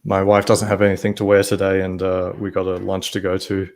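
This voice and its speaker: A man's voice: low voice, completely flat delivery. A man in casual chat, speculating and asking questions. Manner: speculative, questioning, quick asides. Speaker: podcast co-host.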